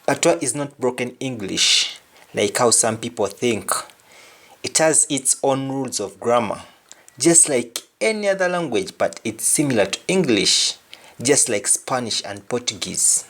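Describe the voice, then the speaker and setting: A man's voice: medium pitch, lively intonation, a little slow, a bit bright. A man hosting a video language lesson, speaking emphatically and repeating example phrases. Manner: emphatic, repetitive example sentences. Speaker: language teacher.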